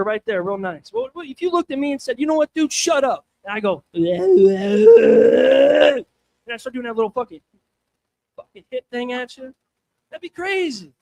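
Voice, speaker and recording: A man's voice: very high voice, no room sound. A young man doing a crude, self-mocking stand-up set on a comedy showcase stage, talking casually with the crowd.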